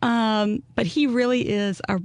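A woman's voice: a little high, steady tone, measured pace, dry recording. A middle-aged woman with an Alabama Southern accent, telling stories and laughing often as a guest in a casual chat. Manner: chatty storyteller, laughs often. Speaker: guest author.

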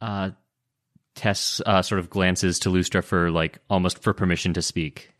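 A man playing a tabletop game, animated and jokey in casual table talk. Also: low-pitched, moderate pace, no echo, studio quality. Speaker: player.

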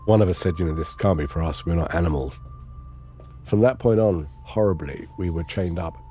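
An English man recounting a long ordeal in measured, understated, wry first-person testimony. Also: low voice, dark tone, faint music behind. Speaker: interviewee recounting his captivity.

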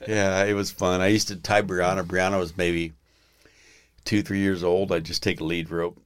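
A man's voice: sits low, flat delivery, moderate pace, smooth. A man telling rambling stories in a casual podcast chat, often breaking into laughter at his own tales.

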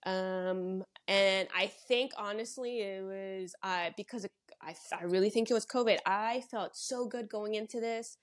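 Bubbly, animated woman from Los Angeles. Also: mid-range voice, measured pace, hardly any pauses. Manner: bubbly, animated storyteller with frequent laughs. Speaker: podcast guest. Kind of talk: casual conversation.

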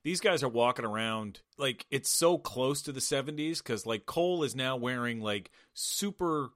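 A man's voice: medium pitch, animated, moderate pace, fairly bright tone, dry recording, clean studio sound. A man co-hosting a casual movie recap, swearing freely and laughing as he mocks the film. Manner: profane, laughing asides, mocking the film. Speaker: podcast co-host.

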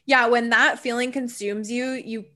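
Woman co-host, earnest and supportive, slightly high voice. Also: steady tone, unhurried, bright, forceful tone. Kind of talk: casual conversation.

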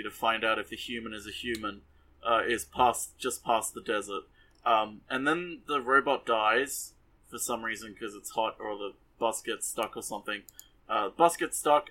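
A man's voice: mid-range voice, sharp tone, low-quality recording. A man casually recapping an anime episode for a podcast, sarcastic and exasperated, rambling with many fillers.

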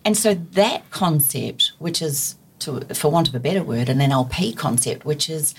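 A woman's voice: low-pitched, lively intonation, moderate pace, a little hiss or hum. A woman, a guest explaining NLP ideas in conversation and telling stories, acting out the voices of the people in them. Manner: storytelling, acts out quoted voices.

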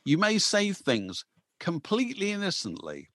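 A man's voice: high voice, wildly swooping pitch, normal speed, a bit bright, dry recording. A man co-hosting a casual music podcast, chatting about records and old interviews in a rambling way with many asides.

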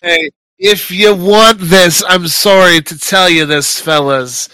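A man's voice: sits high, takes it slowly, bright, forceful tone, no echo, full character voice. A man playing a grinning smug casino boss. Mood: gloating. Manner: smooth, taunting. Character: thin smug male casino boss with huge grin. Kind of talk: tabletop game character voice.

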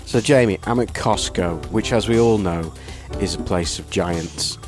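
A man's voice: low voice, measured pace, music in the background. A Welsh man on a podcast, telling a wry, self-mocking anecdote in casual chat. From Wales. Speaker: podcast co-host.

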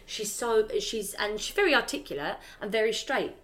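A woman co-hosting a podcast in casual, animated chat, acting out the voices of people she quotes. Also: a little high, normal speed. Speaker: podcast co-host.

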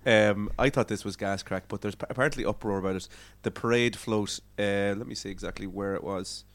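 A man's voice: on the low side, fairly even intonation, dry recording. An Irish man hosting a podcast, in casual joking chat and leading the conversation. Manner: jokey, leads the talk with quick asides. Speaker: podcast host.

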